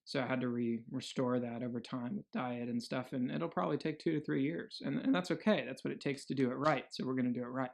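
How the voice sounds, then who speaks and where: A young, earnest man records a casual video diary as a health vlogger, rambling freely, restarting often and using lots of fillers. His voice is of ordinary pitch and gravelly, with fairly even intonation, and he talks fast with few pauses.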